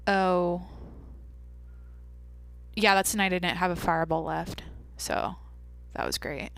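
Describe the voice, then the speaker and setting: A woman's voice: on the low side, fairly even intonation, slow, vocal fry, fairly bright tone, dry recording, soft background music. A young woman hosting a podcast, talking candidly in a rambling, casual way with lots of "like". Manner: rambling, candid, heavy use of "like". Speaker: podcast host. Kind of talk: casual monologue.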